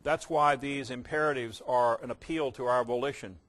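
A man preaching a sermon, emphatic, slowing down to stress key words and mimicking casual believers in quick asides. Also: medium pitch, fairly even intonation, a bit bright.

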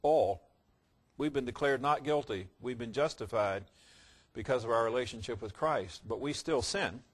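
A man preaching a sermon, telling a parable in his own words and swinging between quiet reflection and loud emphasis. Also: medium pitch, moderate pace.

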